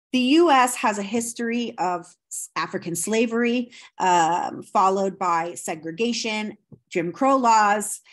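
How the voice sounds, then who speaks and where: A woman's voice: medium pitch, a bit bright. A woman lecturing on anthropology over slides, explaining step by step with many ums and rhetorical questions.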